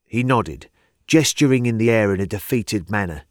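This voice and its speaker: Male audiobook narrator, low voice, lively intonation, dry close mic. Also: no room sound. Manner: measured storytelling, lively intonation.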